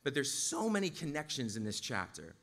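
A man's voice: mid-range voice, very animated, a little fast, fairly bright tone. A male pastor preaching a sermon in a casual, conversational way, often checking in with his listeners. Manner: casual, conversational, with frequent "like" and "right?".

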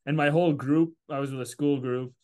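A man's voice: medium pitch, fairly even intonation, fairly quick, a little mellow. A young American man hosting a podcast, rambling easily in casual chat and laughing along. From United States. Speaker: podcast host.

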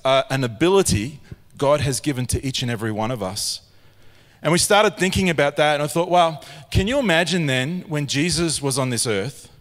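A man with an Australian accent preaching a sermon in a church, a lively storyteller who acts out his scenes. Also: on the high side. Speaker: pastor. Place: large church auditorium. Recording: long church hall reverb.

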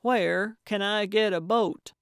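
A woman narrator puts on a stubborn, impatient old lady detective who barks orders and brushes off every objection. Her voice sits a touch higher and punchier than the narration, in a dry, close storybook recording. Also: slow, clear, resonant tone, no echo. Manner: bossy, emphatic, slightly raised voice.

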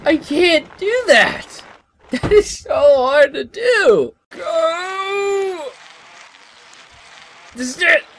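High-pitched yelping male gamer. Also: big pitch swings, takes it slowly, a little hiss or hum. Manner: yelps, shouts and laughs, swears often. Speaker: gaming YouTuber. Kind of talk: excited let's-play commentary.

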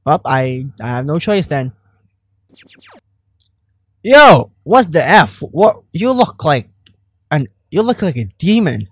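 A man hosting a let's play, commenting in an excitable, joking way with loud outbursts. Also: on the high side, slow, long pauses, husky, dry recording, clean studio sound. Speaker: gamer, channel host.

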